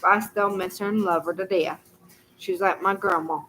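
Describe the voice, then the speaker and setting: Woman, casual storyteller with a bright, crisp tone, folksy and rambling, faint crickets outdoors behind her. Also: mid-range voice, fairly even intonation, a little fast, slight background noise, rough recording. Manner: rambling and folksy, full of "you know".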